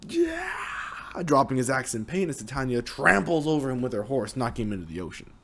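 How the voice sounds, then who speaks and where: A young man casually narrating the story of a video game, with restarts and a lively manner. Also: mid-range voice, fast talker, gravelly. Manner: lively, hesitant retelling with restarts.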